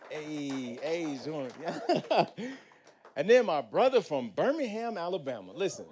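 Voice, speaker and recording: A man's voice: a little high, takes it slowly, slight background noise. Upbeat man hosting a live panel. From United States. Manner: energetic, preacher-like hype with casual slang. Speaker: panel host. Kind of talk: live panel introductions and moderating.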